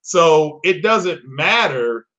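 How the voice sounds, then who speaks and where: A man's voice: a little high, big pitch swings, drawn-out words, a bit bright, highs cut off. A man co-hosting a gaming talk show, explaining at length with many hesitations and restarts. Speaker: co-host. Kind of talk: casual chat.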